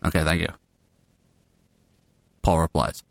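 A man's voice: extremely low pitch, little pitch movement, unhurried, vocal fry, no echo, clean studio sound. A man hosting a podcast table read, joking and laughing a lot as he talks through retakes. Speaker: podcast host. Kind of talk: casual table read with banter.

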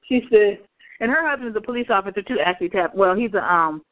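A woman co-hosting a casual chat, telling animated workplace stories and acting out what people said. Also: medium pitch, quick pace, no room sound. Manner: animated storyteller, acts out quotes. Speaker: podcast co-host. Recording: tinny phone-line audio.

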